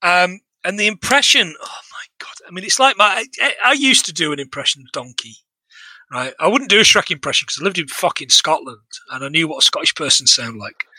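Podcast co-host, a man, high and very bright voice, sweary, exasperated, dry close mic. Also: sing-song, a little fast, no echo. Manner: sweary, exasperated, rambling with restarts. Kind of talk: casual comedic film review chat.

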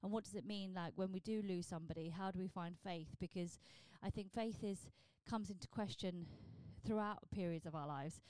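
A woman's voice: on the low side, normal speed, few pauses, no echo. A woman, a stand-up comedian talking blunt and sweary in a casual solo podcast. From southern England. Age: 40s. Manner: blunt, sweary, animated with comic asides.

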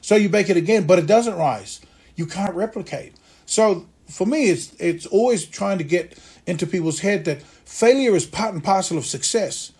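A male actor and acting teacher telling stories from his career in a lively way, acting out the voices of people he quotes. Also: sits high, moderate pace, breathy edge. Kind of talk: conversational storytelling interview.

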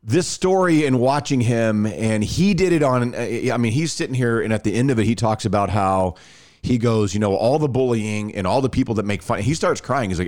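A man telling a long story in casual chat, animated and full of restarts. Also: fairly low pitch, fairly quick.

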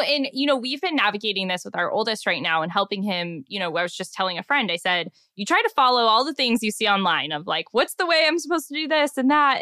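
A woman hosts a podcast in a mid-range voice, with studio-quality sound and no room noise. She affirms her guest warmly during a casual interview chat, her speech loaded with filler words and frequent "like"s.

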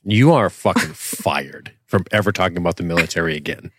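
A man's voice: low voice, brisk, slight background noise. A young man co-hosting a podcast, chatting casually and profanely about a TV episode, joking and reading scene lines aloud. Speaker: podcast co-host.

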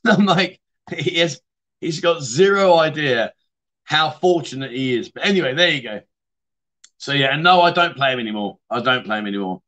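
Fairly high in pitch and a little bright, this middle-aged man talks at normal speed with lively intonation and frequent pauses. On his laid-back livestream chat show he reads out viewer comments, then rambles into anecdotes with the easy banter of mates.

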